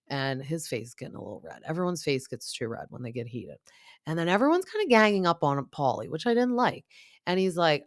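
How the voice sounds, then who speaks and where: A woman's voice: low-pitched, big pitch swings, a little fast, no echo, clean studio sound. A woman hosting a casual reality TV recap, gossipy and opinionated, with plenty of fillers. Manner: chatty, lots of fillers like "like" and "um".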